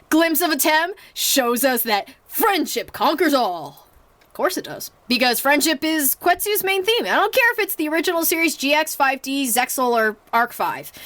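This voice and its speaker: A woman's voice: high-pitched, fairly bright tone, dry recording. A young woman casually reviewing a movie at home, chatty and rambling with lots of fillers and restarts, acting out her own reactions.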